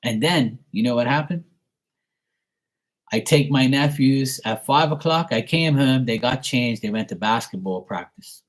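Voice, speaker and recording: A man with a mid-range voice hosts a tarot reading live stream, telling chatty, profane anecdotes in a casual storytelling way. He speaks a little slowly, and the audio quality is poor.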